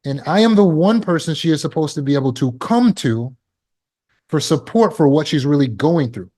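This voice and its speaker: A man's voice: fairly high pitch, expressive, moderate pace, dark tone. A man teaching a trauma recovery class over a video call, in an earnest way, acting out short scenes to make his points. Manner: earnest, acts out scenes with bursts of alarm. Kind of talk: teaching talk with acted examples.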